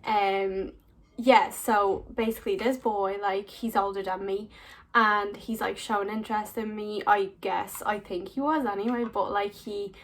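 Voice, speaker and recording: A woman's voice: mid-range voice, steady tone, a little slow. A young woman with a lilt chats her way through a story to camera, her voice sitting in a middle register. She talks casually and piles on "like" fillers as she goes. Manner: chatty, many "like" fillers, laughs often. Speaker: vlogger.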